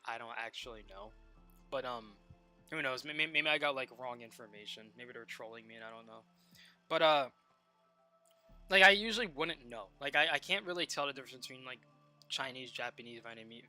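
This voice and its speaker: A young adult man talking casually on a live stream while gaming, rambling and animated, full of "like" and stop-start restarts. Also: medium pitch. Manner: rambling and animated, heavy use of "like" and repeated restarts.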